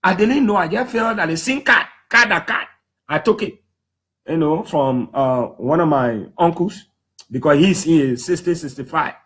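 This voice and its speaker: Liberian English man, 30s, high voice, emphatic public storyteller who acts out quotes. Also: normal speed. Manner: lively, emphatic, slips into quoting others in put-on voices. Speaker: human rights defender speaking to the public. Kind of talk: animated storytelling talk.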